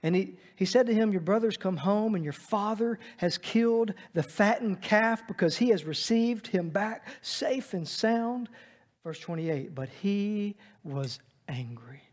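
High-voiced preacher man in a reverberant hall. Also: unhurried. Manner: dynamic, swings from loud emphatic to hushed. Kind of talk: sermon. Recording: long reverb of a large hall.

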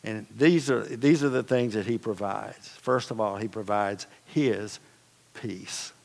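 A pastor with a lowish, creaky, somewhat dark voice preaches slowly, spinning stories in a chatty, homespun manner with offhand remarks. The recording carries the long reverb of a big hall.

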